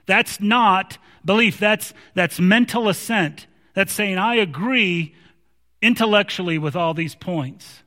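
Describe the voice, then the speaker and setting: Male preacher, conversational emphatic sermon delivery, bright tone, long hall reverb. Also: high-pitched.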